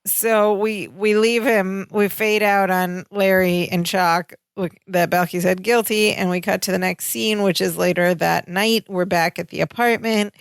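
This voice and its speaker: A woman's voice: mid-range voice, steady tone, measured pace, hardly any pauses, smooth, no room sound. A woman co-hosting a podcast, chatting casually and picking apart a sitcom plot. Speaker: podcast co-host. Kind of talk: casual chat recapping a sitcom episode.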